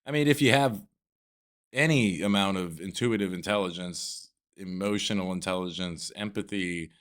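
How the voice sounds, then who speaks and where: A man's voice: deep voice, moderate pace, fairly bright tone. Profane, rambling Southern American man. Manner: loose and profane, rambling with fillers. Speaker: podcast co-host. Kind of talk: casual chat.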